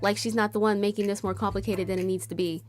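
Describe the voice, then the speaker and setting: A woman's voice: medium pitch, fairly even intonation, fast talker, soft background music. A woman hosting a storytime, casually retelling a story and acting out the quotes, with lots of "like". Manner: chatty, retells stories acting out quotes with frequent "like". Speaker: storytime host.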